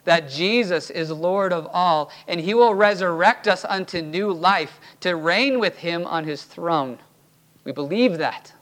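A man's voice: on the high side, fairly bright tone. A man preaching a sermon from the pulpit as pastor of a church, emphatic and urging his listeners. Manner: emphatic, rising to urgent exhortation.

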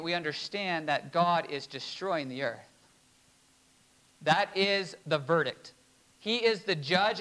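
A pastor preaching a sermon, reading scripture slowly and emphatically, with short laughs between points. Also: male voice, fairly high pitch, a bit bright, low-quality recording.

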